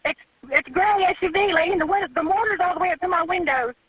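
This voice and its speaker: A woman's voice: very high voice, fast talker, dry recording. A panicked woman calling for emergency help, crying, stammering and pleading over a phone line. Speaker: 911 caller. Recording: tinny phone line recording.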